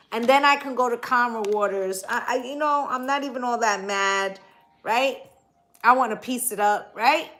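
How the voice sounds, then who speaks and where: Female tarot reader, fairly high voice; casual, emphatic and salty, asks "right?" after each point. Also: sharp tone. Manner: blunt, profane, emphatic, keeps asking "right?". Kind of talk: casual tarot reading talk.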